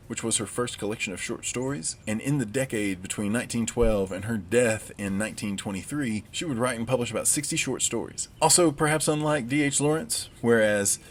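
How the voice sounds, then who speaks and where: A man's voice: mid-range voice, a little hiss or hum. A man with a Southern US accent giving a recorded literature lecture, conversational with wry asides. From United States.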